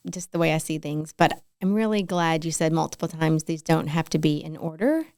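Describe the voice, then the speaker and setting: A woman's voice: sits low, fairly quick, a little mellow, no echo, clean studio sound. A woman co-hosting a podcast, talking candidly and with self-deprecating humor in a casual conversation. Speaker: podcast co-host.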